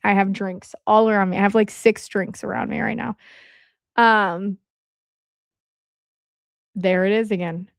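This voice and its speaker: A woman hosting a casual livestream, rambling along in a chatty way and filling her pauses with "um.". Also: medium pitch, fairly even intonation, vocal fry, dry recording, studio quality. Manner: rambling, with frequent "um" fillers. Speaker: livestream host. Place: at home.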